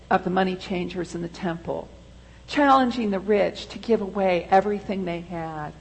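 A woman pastor delivering a sermon in a church, slow and deliberate, with emphatic rises. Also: fairly low pitch, creaky, a little mellow, slightly rough, rough recording.

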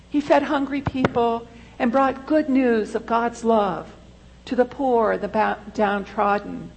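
A woman pastor delivering a sermon in a church, slow and deliberate, with emphatic rises. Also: on the high side, gravelly, a little hiss or hum, low-quality recording.

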